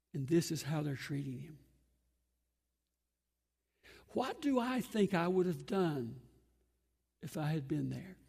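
A man preaching an earnest sermon, emphatic and pausing often between phrases. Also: a little high, vocal fry, darkish tone, breathy edge. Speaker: pastor. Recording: long hall reverb.

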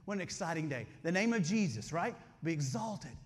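A man's voice: fairly high pitch, sing-song, fairly quick. A man, preaching a sermon with emphatic call-and-response lines. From Alabama, US. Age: 40s. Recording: long hall reverb.

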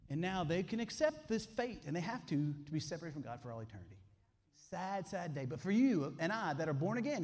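Here the Alabama preacher, a man in his 40s, sounds somewhat high and a little mellow. His sermon leans on emphatic call-and-response lines, and the sound rings with long hall reverb.

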